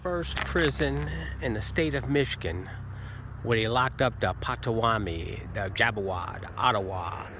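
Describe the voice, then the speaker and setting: A man's voice: mid-range voice, normal speed, background noise. A man giving impassioned guided commentary outdoors, pointing things out as he goes.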